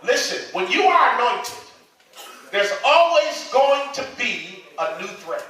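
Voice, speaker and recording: A man's voice: very high voice, big pitch swings, slow pace, sharp tone. A man preaching a sermon to his congregation, stammering and repeating himself as he talks to the pews. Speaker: pastor. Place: church sanctuary. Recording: echoey sanctuary, distant mic.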